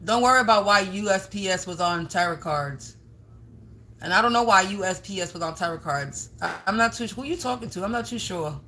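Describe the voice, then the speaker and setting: A woman's voice: medium pitch, fairly quick, bright, forceful tone, slight background noise. Blunt, scolding woman tarot reader. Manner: blunt, scolding, swears often, raises voice at times. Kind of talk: confrontational livestream monologue.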